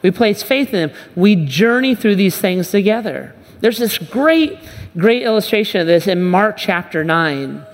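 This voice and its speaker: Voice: medium pitch, expressive, a little slow. A pastor giving a conversational sermon, restarting and repeating phrases and acting out the Bible dialogue. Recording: long reverb of a large hall.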